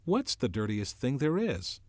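A shy, stumbling boy speaks up in a higher voice than his reader's own, as a man puts him on. The words come out slowly and hesitantly, as if he can barely say what he means. The sound is dry and close, like an audiobook reading. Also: wildly swooping pitch, no room sound. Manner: halting, hesitant delivery.

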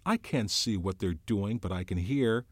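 A man voicing an anxious, fussy schoolboy with glasses, in a shrill, worried whine, in an audiobook reading. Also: lively intonation, a little slow, dry recording. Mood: anxious urging. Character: anxious, fussy, bespectacled boy, careful and nagging.

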